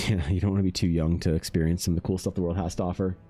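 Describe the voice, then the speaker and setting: A man hosts an art livestream, chatting casually and rambling with lots of fillers while reading chat aloud. His low, mellow voice stays level and rapid-fire, with soft music in the background.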